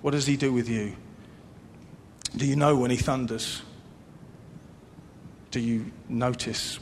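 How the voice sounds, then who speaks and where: A man preaching a sermon in an earnest way, repeating phrases and swinging between loud emphasis and hushed, soft passages. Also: steady tone, slow, pauses often. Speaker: pastor. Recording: long hall reverb with faint low rumble.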